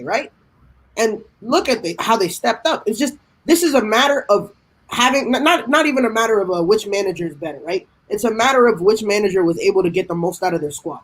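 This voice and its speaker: A man's voice: sits high, animated, brisk, husky, rough recording. Fired-up man reacting to a match. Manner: passionate, emphatic, repeats himself. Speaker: fan panelist. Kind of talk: excited live match reaction.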